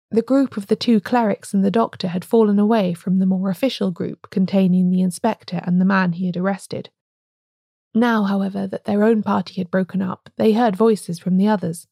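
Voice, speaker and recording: Narrator, woman, mellow and dark-toned, dry close sound. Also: medium pitch, steady tone, moderate pace, creaky, no room sound. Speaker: audiobook reader. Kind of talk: scripted narration.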